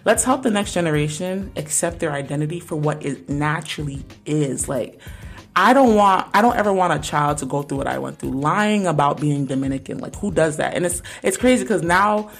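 A woman's voice: sits low, lively intonation, a little fast. A young woman hosting a podcast and talking about her teaching in an earnest, conversational way, often saying "like" and "right?". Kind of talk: casual podcast monologue.

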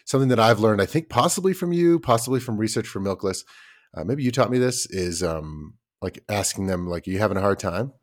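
A man's voice: lowish voice, expressive, brisk. A man in his thirties co-hosting a parenting podcast, chatting casually in loose, rambling stories full of fillers and the odd swear word. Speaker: podcast co-host. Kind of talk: casual chat.

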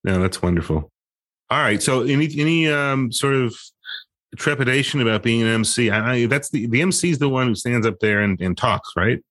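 A man interviewing a guest in an easygoing, joking, somewhat halting way. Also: medium pitch, animated, fairly bright tone, dry recording. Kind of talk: casual interview chat.

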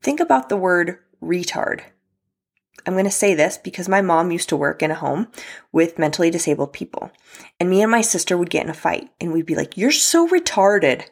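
A woman's voice: fairly low pitch, fairly quick. A young adult woman hosting a solo podcast, talking candidly and casually about apologies and relationships, with fillers and the odd swear word. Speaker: podcast host.

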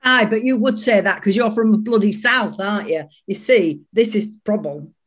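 A woman's voice: mid-range voice, moderate pace. Woman, northern english accent, blunt, indignant, comic panel judge.

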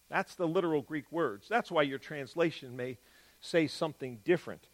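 A man giving an explanatory Bible teaching, stressing key words and moving between quick and drawn-out phrasing. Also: a little high.

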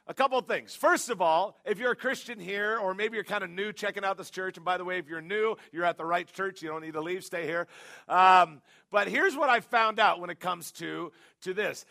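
A middle-aged male pastor preaching a sermon, telling a story in a punchy, excitable way and sometimes bursting into shouts. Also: high voice, fairly quick, creaky.

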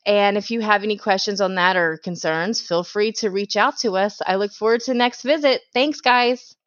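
A woman's voice: mid-range voice, normal speed, fairly bright tone. A woman hosting a podcast, giving blunt, preachy advice in a direct way. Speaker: podcast host. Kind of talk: advice monologue. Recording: dull, dry lo-fi sound.

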